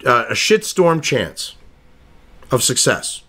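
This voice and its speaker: Foul-mouthed sarcastic male commentator, lively pitch. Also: takes it slowly, husky. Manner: sarcastic, crude ranting with scoffing asides; reads news excerpts aloud between rants. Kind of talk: profane political commentary.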